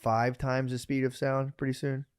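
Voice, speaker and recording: A man's voice: medium pitch, level tone, normal speed, clean tone, no room sound. A man co-hosting a podcast over a video call, eager and full of "dude" and "bro.". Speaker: podcast co-host.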